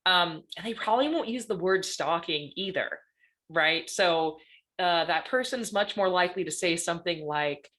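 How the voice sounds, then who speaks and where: Woman presenting, chatty and animated. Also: fairly low pitch, normal speed. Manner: lively, conversational, often asks "right?". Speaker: guest panelist on stalking. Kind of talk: presentation talk.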